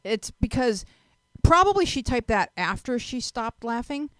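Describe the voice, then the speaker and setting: A woman's voice: fairly high pitch, sing-song, a little slow, fairly bright tone, no echo. A woman hosting a teen panel talk show, giving frank advice in a chatty, joking way and often restarting her sentences.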